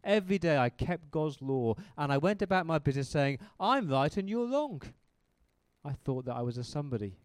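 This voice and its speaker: Saul the zealous persecutor turned repentant, as a man preaches him, dramatic storyteller, lively swooping pitch, dry close sound. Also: a little fast, no echo. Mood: impassioned. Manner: dramatic storytelling, questions thrown to the listeners. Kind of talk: first-person dramatic monologue in a sermon.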